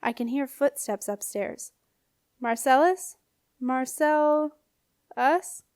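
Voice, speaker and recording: A woman's voice: fairly high pitch, brisk, no echo, studio quality, lightly acted. Woman reading an earnest young apprentice. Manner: urgent, coaxing.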